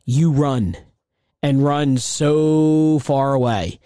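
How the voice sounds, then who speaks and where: A man hosting a casual gaming chat show, telling stories in an animated, rambling way. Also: fairly high pitch, extremely slow, dry recording, studio quality. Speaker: show host.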